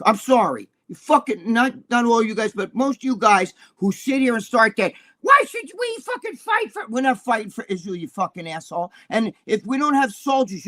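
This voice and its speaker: High-pitched, profane man in his sixties. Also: a bit bright, dry recording. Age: 60s. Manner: profane, combative, rambling. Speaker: co-host. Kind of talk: heated political rant on a talk show.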